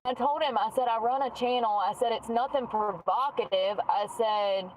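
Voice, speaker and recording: A woman's voice: on the high side, normal speed, a little hiss or hum, low-quality recording. A woman chatting casually while doing her makeup, musing aloud and trailing off mid-sentence. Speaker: streamer.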